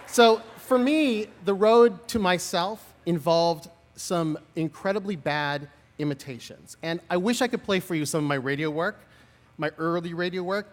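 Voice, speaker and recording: A man's voice: fairly high pitch, big-room sound. A man in his forties giving a commencement speech outdoors, telling stories with humor and self-deprecating asides. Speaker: commencement speaker. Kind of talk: graduation speech. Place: outdoor lawn ceremony.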